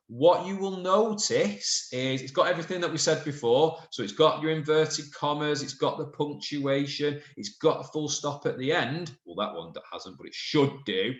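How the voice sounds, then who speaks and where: A man's voice: medium pitch, fairly bright tone. Guy teacher walking kids through a lesson, patient, reads examples out with lots of expression, roomy echo. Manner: patient and explanatory, reads example sentences aloud with varied emphasis. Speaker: primary school teacher. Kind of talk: recorded video lesson.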